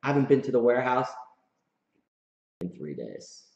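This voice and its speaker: A man's voice: medium pitch, very animated, moderate pace, vocal fry, a little mellow. A man hosting a casual livestream from his home office, hyped and slangy, often laughing. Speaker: host. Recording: roomy, slightly dull room sound.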